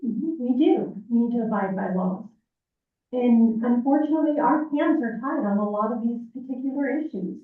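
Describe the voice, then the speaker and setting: A woman chairing a city meeting, speaking in a firm, calm and measured way. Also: a little high. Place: city council chamber. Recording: echoey room, distant thin phone-like sound.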